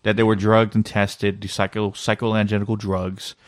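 A man with a low voice tells a story in an animated way and leans on filler words along the way. He is co-hosting a casual podcast. The mic is close and the sound is dry. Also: moderate pace, no echo. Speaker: podcast co-host. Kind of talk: casual conspiracy podcast chat.

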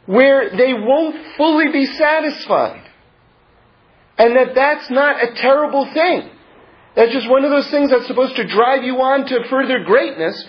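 Man, high voice, rambling Torah lesson, muffled lo-fi sound. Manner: conversational, rambling asides, drops to a low mutter. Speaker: rabbi teaching Torah.

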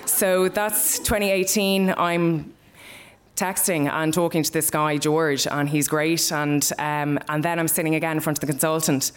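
A woman's voice: low voice, level tone, unhurried, clean tone. A young Irish woman telling a personal story live, in a candid, conversational way with plenty of swearing.

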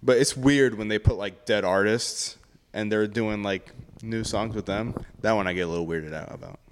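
A young man co-hosting a casual podcast chat, animated and quick to laugh, trailing off mid-thought. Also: fairly low pitch, long reverb tail, slight background noise. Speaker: podcast co-host.

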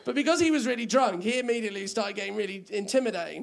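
High, gravelly-voiced comic. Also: male voice, racing, hardly any pauses. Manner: rambling, self-mocking, laughing at his own jokes. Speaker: stand-up comedian. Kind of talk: stand-up comedy set.

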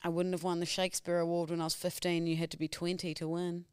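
A man's voice: a little high, monotone, fast, clean tone, dry recording, studio quality. A man in his thirties co-hosting a comedy podcast in casual banter, playful and jokingly boastful. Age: 30s. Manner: playful, self-mocking, boastful in jest. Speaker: podcast co-host.

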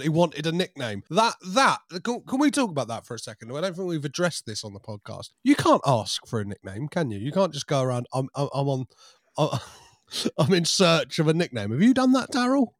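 A man co-hosting a podcast, animated and playful, laughing often as he teases. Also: a little high, brisk, no echo, studio quality. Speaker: podcast co-host. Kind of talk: casual podcast chat.

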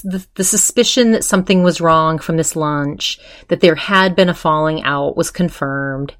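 A woman's voice: sits low, unhurried. A woman hosting a podcast, chatting casually as she retells a story, full of fillers and quoted voices. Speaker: podcast host.

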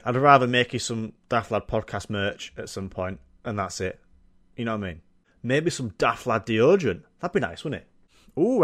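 A man hosting his own podcast, rambling daft, sweary, self-mocking jokes. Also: mid-range voice. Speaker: podcast host. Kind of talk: casual solo comedy rambling.

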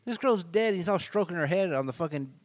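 A man's voice: high voice, animated, fast. A man casually riffing on a movie as co-host, sarcastic and profane.

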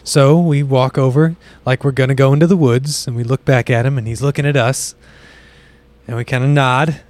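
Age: adult. Sex: man. From: US South. Role: podcast guest. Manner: animated, casual storyteller. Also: normal speed. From US South (Bible Belt). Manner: animated storyteller, jumps higher and louder for quoted voices.

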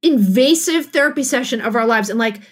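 A middle-aged woman, a guest author on a podcast, telling a personal story in a casual, animated way and laughing often. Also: on the high side, a little fast, breathy edge. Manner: animated, laughing, acts out quotes.

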